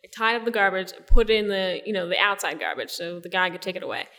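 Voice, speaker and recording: A woman's voice: medium pitch, quick pace, a bit bright. Rambling young woman in a reverberant room. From New Jersey Shore. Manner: rambling, laughing storyteller, many likes. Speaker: guest. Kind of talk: casual interview chat.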